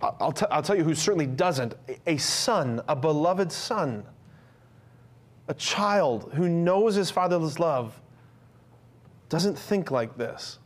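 A man's voice: fairly high pitch, expressive, slow. A man giving an earnest, conversational sermon to men, with frequent fillers and restarts.

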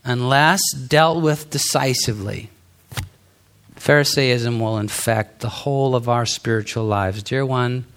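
A man's voice: mid-range voice, a little slow, a bit bright. A middle-aged man preaching a sermon in an earnest, conversational way, with some fillers and restarts. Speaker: pastor.

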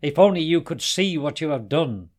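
A man's voice: fairly high pitch, expressive, normal speed, a little mellow, voice pushed up. A man voicing a fierce, bloodthirsty male leopard who growls and snarls. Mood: angry.

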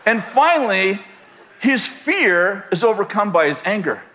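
A man's voice: sits high, sing-song, a little slow, bright, forceful tone. A man preaching a sermon, telling a humorous story and often laughing as he goes. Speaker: pastor.

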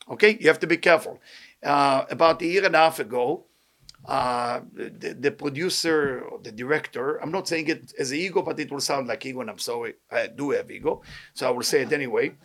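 A man with a non-native English accent teaching a Torah lesson as a rabbi. He talks with fervour, asks rhetorical questions, and recites Hebrew quotations quickly. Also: on the high side, fairly bright tone.

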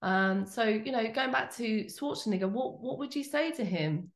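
A woman's voice: fairly high pitch, lively intonation, normal speed. Chatty woman in an echoey room. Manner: chatty, rambling storytelling. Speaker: podcast co-host. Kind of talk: casual chat.

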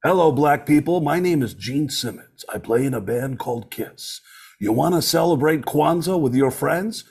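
A comedian doing an impression of a rock bassist, delivering a flat, deadpan sales pitch. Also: male voice, normal speed, breathy edge.

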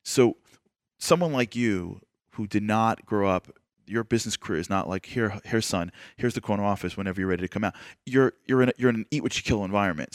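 A man interviewing a guest, his voice on the low side. He asks long, winding questions with animated energy. The sound is close and dry, with no room echo. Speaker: interviewer and radio show host. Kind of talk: conversational interview.

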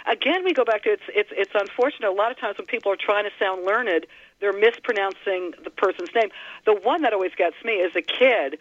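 A man's voice: high voice, a little fast, a bit bright, dry recording. A man chatting enthusiastically as a guest on a radio show, with a slightly rambling way of talking. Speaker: studio guest. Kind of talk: casual radio chat. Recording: slightly dull, dry radio sound.

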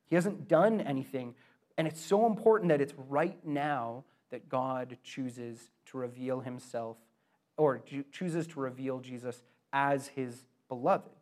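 A man's voice: mid-range voice, measured pace, a little mellow. A young adult man preaching a sermon in an earnest, conversational way, with emphatic swells. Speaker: pastor.

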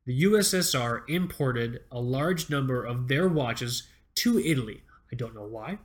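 A man's voice: mid-range voice, lively intonation, moderate pace. Rambling, laughing young man chatting. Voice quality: rambling, profane, repeats words, laughs often. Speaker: podcast co-host. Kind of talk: casual chat.

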